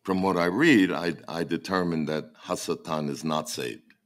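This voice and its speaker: Deep-voiced man preaching a sermon. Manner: halting, repeats words as he searches. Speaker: pastor.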